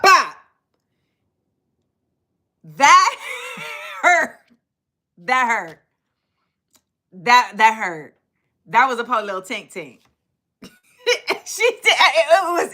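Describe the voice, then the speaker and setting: Animated, high-voiced woman telling stories. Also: slow pace, long pauses. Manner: animated, dramatic retelling with acted-out quotes and laughter. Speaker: livestream host. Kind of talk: casual storytelling to a live chat.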